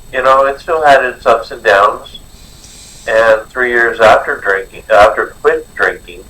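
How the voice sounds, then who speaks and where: A man's voice: on the low side, sharp tone, distant mic, poor audio. A man sharing his recovery story at a support meeting, reflective and full of fillers. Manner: slow, reflective, with many fillers. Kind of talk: personal recovery share.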